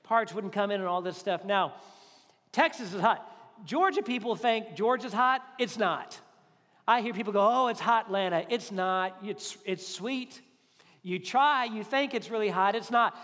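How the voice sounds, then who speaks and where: A male pastor preaching a conversational, animated sermon to a congregation, acting out quotes as he goes. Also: sits high. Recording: reverberant hall.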